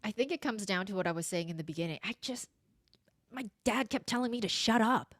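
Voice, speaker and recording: A middle-aged woman voice coach chatting in an interview, animated and expressive, acting out the voices of the people she quotes. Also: mid-range voice, a little fast, dry recording. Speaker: voice coach guest. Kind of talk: casual interview chat.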